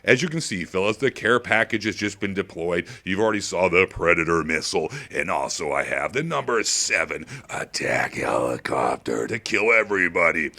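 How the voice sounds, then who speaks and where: A man giving crude, comedic gameplay commentary, hyper and swinging between squeaky highs and low mutters. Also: lively intonation, normal speed, few pauses, sharp tone.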